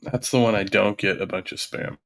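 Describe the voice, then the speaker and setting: A man's voice: on the low side, steady tone, brisk, gravelly, fairly bright tone. A man hosting a live-stream podcast, making dry, amused, mocking remarks. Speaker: podcast host. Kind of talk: casual live-stream commentary.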